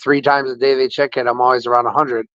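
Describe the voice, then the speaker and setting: A man casually telling an animated, indignant story about a care-facility visit, quoting the people involved. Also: mid-range voice, quick pace, no echo. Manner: animated, indignant retelling with quoted dialogue. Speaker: podcast host. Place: patient room in a care facility. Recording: dull, dry lo-fi audio.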